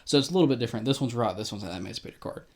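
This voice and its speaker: A man's voice: medium pitch, expressive, very fast, darkish tone. A man casually explaining a card game deck, rambling and correcting himself, with frequent small chuckles. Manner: rambling, self-correcting, chuckles between points.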